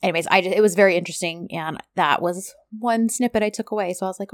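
A woman's voice: fairly low pitch, fast, no echo, clean studio sound. A woman co-hosting a podcast in casual chat, talking easily with many fillers. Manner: chatty, lots of fillers and "like". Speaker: podcast co-host.

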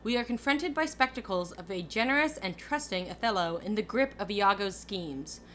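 Bright, playful young woman podcaster. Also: medium pitch, slight background noise. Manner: laughs often, swears, playful. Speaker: podcast co-host. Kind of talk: casual podcast chat, reading a summary aloud.

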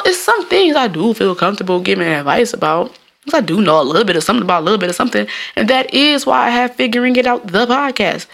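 A woman from Jamaica hosts her own podcast in a casual solo monologue. Her pitch swings widely as she rambles from thought to thought, and she breaks into laughter often. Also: creaky, a bit bright. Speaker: podcast host.

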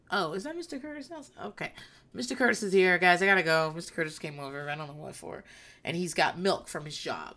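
Brief: woman, 30s, solo podcast host, low-set but bright and forceful voice, profane and rambling. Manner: blunt, profane, rambling storytelling. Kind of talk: candid solo monologue.

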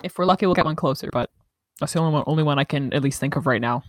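A woman playing a tabletop game, talking in a quick, matter-of-fact way. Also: sits low, dry recording, studio quality. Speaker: player. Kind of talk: casual game chat.

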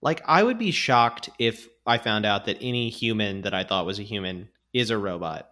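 A man's voice: on the low side, lively intonation, moderate pace, bright, forceful tone. A man appearing as a podcast guest in casual chat, joking and acting out mock quotes of public figures.

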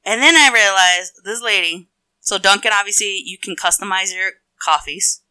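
Woman, very bright voice, crisp and clear, casual profane storytelling, exasperated. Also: mid-range voice, normal speed.

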